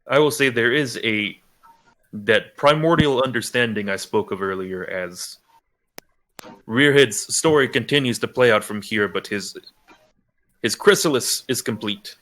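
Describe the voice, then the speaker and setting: A man narrating as game master in a tabletop role-playing game, halting with many restarts. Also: medium pitch, fairly bright tone.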